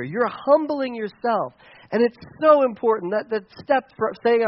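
A man's voice: sits high, animated, moderate pace, dull audio. A male pastor giving a conversational, playful sermon to his congregation.

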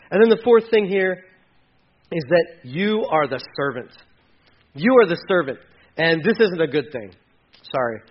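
A man's voice: high-pitched, lo-fi sound. A man preaching a sermon in a conversational, jokey way, acting out little voices as he retells the scripture. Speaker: pastor.

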